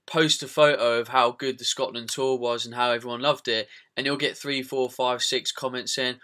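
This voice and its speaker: A man's voice: mid-range voice, fairly even intonation, normal speed, hardly any pauses, pushed and bright. A British man hosting a podcast in casual, rambling chat, with frequent fillers and the odd swear word. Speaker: podcast host.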